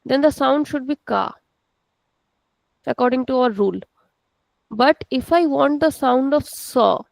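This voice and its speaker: Gravelly Indian woman teaching online. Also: high-pitched, darkish tone, no room sound, rough recording. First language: Hindi. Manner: patient, checks in often with students. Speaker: language teacher. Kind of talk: online class lecture. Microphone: video call.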